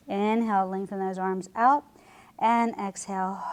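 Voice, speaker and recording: A woman instructing a Pilates class, calmly cueing breaths while she demonstrates the moves. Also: medium pitch, measured pace. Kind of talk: guided exercise instruction.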